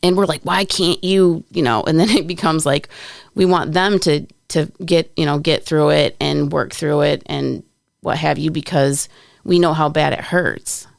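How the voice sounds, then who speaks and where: A woman co-hosting a podcast in a casual chat, earnest and plainspoken, with a gravelly voice. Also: sits low, steady tone, normal speed, dry recording, studio quality. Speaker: podcast co-host.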